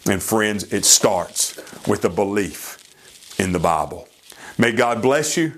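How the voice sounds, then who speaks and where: A man's voice: fairly low pitch, expressive. Earnest male preacher telling a story. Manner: earnest, pleading, slow and deliberate storytelling. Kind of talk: sermon.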